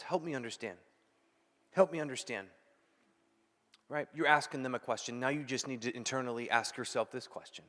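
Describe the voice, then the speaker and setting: A man preaching a sermon as pastor, emphatic, repeating key phrases and dropping from loud to hushed. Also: mid-range voice, long reverb tail.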